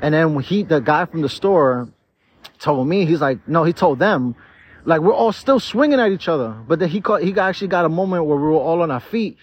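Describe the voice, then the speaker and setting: Young adult man, slightly higher-pitched, tipsy and slurring, profane digressive storyteller; dull lo-fi sound. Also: animated, brisk, slightly rough. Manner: profane, digressive, talks straight to viewers. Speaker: vlogger. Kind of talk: rambling personal storytelling. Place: outdoors in a park.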